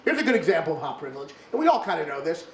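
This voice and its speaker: A young man from Kentucky performing a stand-up set in a comedy club, animated and punching up his lines with loud exclaimed bursts. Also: fairly high pitch, very fast. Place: comedy club with laughing audience. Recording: roomy club with crowd laughter.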